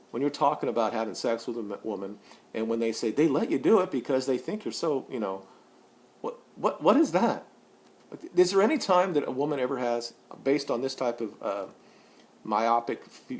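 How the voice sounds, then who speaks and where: This vlog monologue comes from a man in his forties who is profane and direct, circling around with repeated restarts. A little hiss or hum is audible, and his voice climbs in volume and pitch as he grows agitated.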